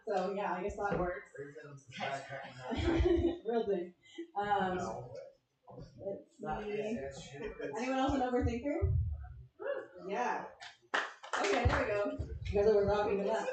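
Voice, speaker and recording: A woman's voice: mid-range voice, expressive, slow pace, long pauses, recorded from a distance. A woman works a club crowd with dry, self-deprecating stand-up, tossing questions out to the audience. Her voice sits in the middle range and comes from a way off the mic, washed in heavy room echo. Audience laughter keeps rising behind her. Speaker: stand-up comedian. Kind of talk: stand-up comedy set. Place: comedy club stage with live audience.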